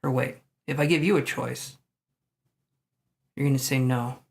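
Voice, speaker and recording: A man's voice: mid-range voice, fairly even intonation, a little slow, creaky. A man reading tarot cards live for viewers, chatting loosely and thinking aloud with self-mocking asides. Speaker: tarot reader.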